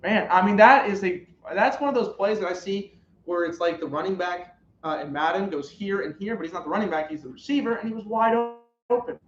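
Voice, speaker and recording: A young man streaming live reactions to a football game, calling plays and shouting at big moments. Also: high-pitched, brisk. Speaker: sports streamer. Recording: roomy, dull lo-fi live stream audio.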